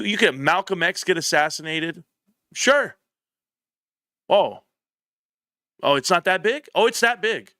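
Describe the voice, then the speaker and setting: A man hosts his own commentary show from a room set up for it, talking with building passion and emphatic repetition. His voice is bright and forceful, and the dry, close sound has almost no room echo. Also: on the high side. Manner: impassioned, growing heated and emphatic, repeats phrases. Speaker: political commentary show host. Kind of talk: opinionated commentary.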